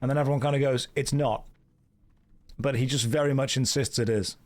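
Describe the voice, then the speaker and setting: A man with a British received pronunciation accent, chatting casually as a streamer during a game with dry, deadpan jokes. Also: mid-range voice, quick pace.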